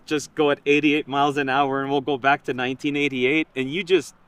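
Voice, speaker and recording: A man in casual conversation, telling a story in an animated way and quoting himself and others. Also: mid-range voice, brisk, clear, resonant tone. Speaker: project creator.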